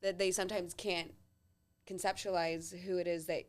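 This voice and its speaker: A woman's voice: lowish voice, flat delivery. A woman hosting an interview, encouraging and upbeat, affirming her guest often. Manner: encouraging, frequent affirmations and quick laughs. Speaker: podcast host. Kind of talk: interview conversation.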